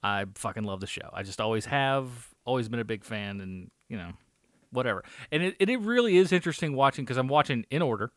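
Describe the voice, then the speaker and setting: A man's voice: mid-range voice, animated, quick pace, no room sound, studio quality. A man co-hosting a movie review podcast, chatting casually in a rambling way, with lots of swearing and fillers. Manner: rambling, profane, filler-heavy. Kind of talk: casual chat.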